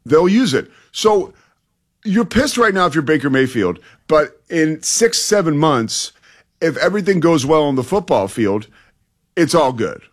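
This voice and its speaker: A man's voice: on the high side, big pitch swings, a little slow. Confident male sports radio co-host. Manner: confident, emphatic opinions.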